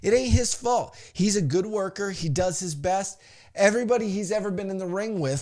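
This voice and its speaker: A young man hosts his podcast, recapping a wrestling show in an animated, profane way. He acts out what the wrestlers said as he goes, and his voice sits a bit high for a man. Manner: animated, profane storytelling with acted-out quotes. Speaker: podcast host.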